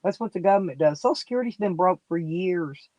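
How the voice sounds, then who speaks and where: A woman's voice: lowish voice, expressive, fast talker, mellow, highs cut off. A woman, sniffly and coughing, chatting casually and folksily with viewers on a live stream. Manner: folksy, rambling, talks straight to chat by name.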